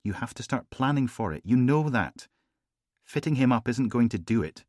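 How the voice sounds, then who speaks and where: A man's voice: mid-range voice, lively intonation, moderate pace, a little mellow, no echo, studio quality, voice pushed up, close to an everyday voice. A man voicing an insistent, teasing woman who pushes her partner in an audiobook reading. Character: pushy woman urging her partner, sardonic.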